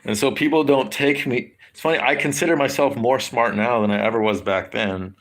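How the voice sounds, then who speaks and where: A man, rambling casually to his livestream audience, halting and restarting often and swearing a lot. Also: mid-range voice. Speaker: livestream host. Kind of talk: rambling casual stream chat.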